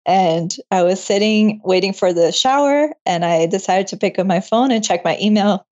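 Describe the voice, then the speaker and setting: A woman's voice: mid-range voice, normal speed, a little mellow. A young woman guest and medical student telling her story in a casual interview, laughing often. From moved to Canada. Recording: muffled lo-fi audio.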